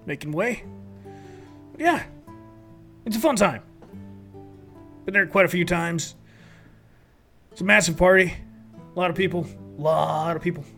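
A man's voice: high voice, unhurried, creaky, pauses often, a bit bright, full character voice. A man voicing a chatty, friendly male courier who rambles with many fillers, over faint guitar music. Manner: rambling, hesitant, full of fillers.

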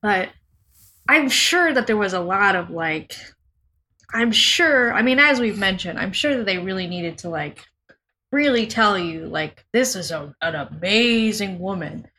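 A woman's voice: mid-range voice, animated, measured pace, bright, forceful tone, a little hiss or hum. A woman co-hosting a film podcast, rambling casually and saying "like" a lot. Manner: rambling, heavy use of "like". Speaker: podcast co-host. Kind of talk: casual chat.

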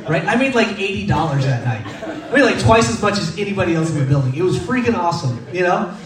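A man's voice: high voice, very animated, fast. A man in his thirties from Texas, preaching in a casual, humorous, self-deprecating storytelling style. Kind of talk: conversational sermon storytelling. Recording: echoey room, distant mic.

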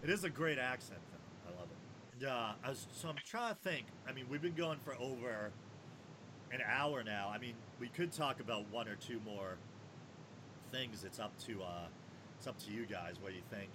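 A tipsy man with a New England accent hosts a casual podcast talk, loose and quick to laugh, swearing as he goes. His voice sits at a middling pitch. A steady hiss and low rumble run underneath. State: drunk. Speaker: podcast host. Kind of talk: casual chat.

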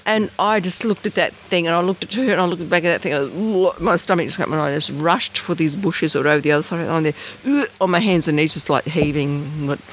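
An Australian woman, an interview guest, telling a personal story in a lively way and acting out the voices and sounds in it. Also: low-pitched, fast, hardly any pauses, a little hiss or hum. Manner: animated, acts out voices and sounds.

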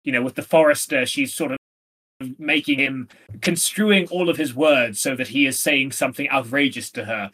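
A man's voice: medium pitch, normal speed, sharp tone. A man co-hosting a podcast, talking casually about a play, rambling with lots of fillers and hedges. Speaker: podcast co-host. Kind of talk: casual literary discussion.

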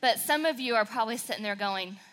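A woman from southern Wisconsin, a pastor's wife, giving a sermon with a southern Wisconsin accent in a sassy, excitable, emotional way. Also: on the high side, quick pace. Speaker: pastor's wife speaking at church.

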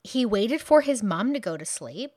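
A woman's voice: fairly high pitch, sing-song, normal speed, a little mellow, no room sound, clean studio sound. A woman hosting a true crime podcast, recounting a case in a casual, conversational way with frequent asides and fillers.

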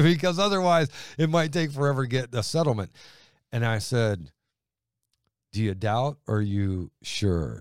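Earnest pastor preaching in conversation, dry sound. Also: male voice, a little slow, smooth, no echo. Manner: earnest, builds to emphatic points then drops low. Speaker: pastor co-host.

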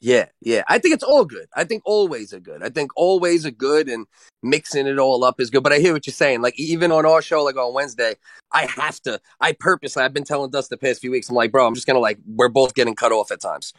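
A man's voice: mid-range voice, fast talker, fairly bright tone, dry recording. A man co-hosting a podcast, easygoing and agreeable in casual banter. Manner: agreeable, laid-back, lots of "yeah". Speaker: podcast co-host.

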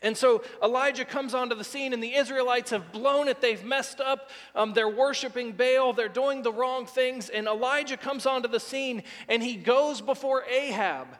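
High-voiced man preaching in an echoing hall. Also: normal speed, few pauses, a bit bright. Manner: vivid storytelling, retelling scenes with quoted dialogue. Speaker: pastor. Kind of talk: sermon. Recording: long reverb of a large hall.

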